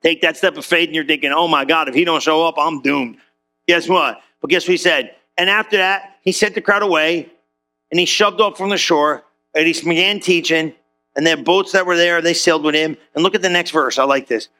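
A man preaching a sermon in a church, animated and conversational, with casual slang and questions thrown to the crowd. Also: on the high side, brisk, soft background music. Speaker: pastor.

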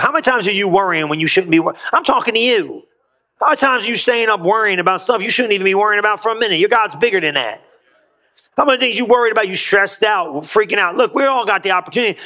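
A man delivers an energetic sermon, his voice pitched high and ringing with a forceful brightness. He preaches in a folksy, colloquial way and keeps urging the room to answer back. It sounds like a pastor at the pulpit of a church. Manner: energetic, rousing call-and-response preaching.

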